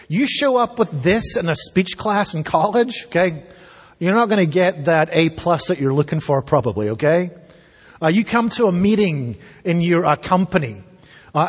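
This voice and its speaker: Male pastor, slightly higher pitch, husky, conversational Bible teaching in a reverberant hall. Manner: conversational and animated, with casual asides. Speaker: pastor teaching a school discipleship class. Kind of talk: sermon-style Bible teaching.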